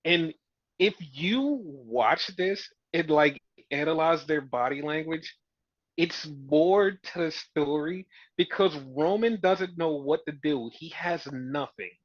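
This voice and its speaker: A man hosting a podcast, chatting casually and excitedly with many fillers as he recaps a wrestling show. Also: a little high, takes it slowly, no room sound. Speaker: podcast host. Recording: dull lo-fi sound.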